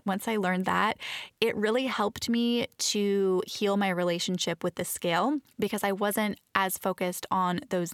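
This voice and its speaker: A woman's voice: mid-range voice, creaky, dry recording, clean studio sound. A woman talking casually to camera about fitness, earnest and chatty, often restarting her sentences. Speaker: fitness vlogger. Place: Los Angeles area.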